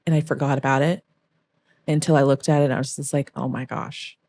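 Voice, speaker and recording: A young woman with a low voice tells a personal story in a podcast interview. She talks with real feeling and acts out the lines of the people in it. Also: fast. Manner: emotional, animated storytelling, acts out quoted voices. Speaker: podcast guest, former backup dancer.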